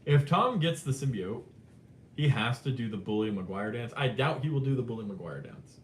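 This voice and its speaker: A man hosts a live movie chat, talking casually and switching fast between excitement and quieter moments. His mid-pitched voice sits in a roomy space. A faint rumble runs underneath. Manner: animated, quick shifts between excited and subdued. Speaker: live stream host.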